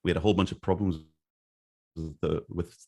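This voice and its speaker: A middle-aged English man, a game artist appearing as an interview guest, tells stories in a casual, rambling way, restarting often and acting out the dialogue he remembers. His voice is deep, dark, and creaky, with a steady tone and a brisk pace.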